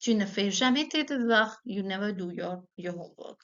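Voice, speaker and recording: A woman's voice: mid-range voice, expressive, a little fast, fairly bright tone, dull audio. Patient woman teaching a French lesson. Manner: patient, explains step by step with repeated examples. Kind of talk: online language lesson.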